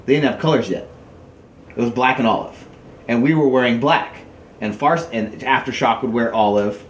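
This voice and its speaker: Relaxed male storyteller in an echoey room. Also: moderate pace. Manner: animated storyteller, jumps high when quoting people. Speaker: podcast guest, paintball player. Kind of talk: casual storytelling chat. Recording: echoey room with faint noise.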